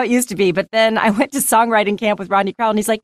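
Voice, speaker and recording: A woman's voice: medium pitch, very fast, hardly any pauses, no echo, studio quality. An American woman, a singer-songwriter and voice actress, chatting casually as an interview guest and acting out what others said. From United States. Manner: animated storyteller, acts out quotes.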